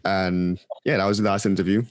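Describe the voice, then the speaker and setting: Deep-voiced man telling a story. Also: clear, resonant tone, no room sound. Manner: quick, animated storytelling with frequent ums. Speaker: podcast guest. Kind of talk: casual storytelling.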